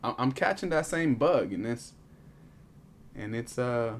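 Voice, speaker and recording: A man co-hosting a casual podcast who teases his co-host and fills pauses with ums. His voice sits at a middle pitch, and a faint background noise runs under it. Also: lively intonation. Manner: playful, teasing, filler-heavy. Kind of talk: casual chat.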